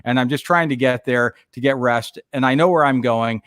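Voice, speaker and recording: A middle-aged man, a radio host, chatting casually on a livestream and telling stories with lively acted-out quotes. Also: mid-range voice, moderate pace, no echo, studio quality. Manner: animated storyteller, acts out quotes.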